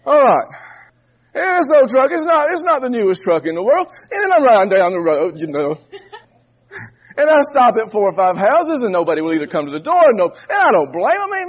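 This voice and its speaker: A man's voice: high voice, lo-fi sound. A man preaching a sermon, telling a folksy story and often repeating and restarting words.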